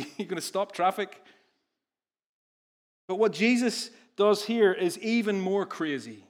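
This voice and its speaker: A man preaching a sermon, earnest and animated, often restarting his phrases. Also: sits high.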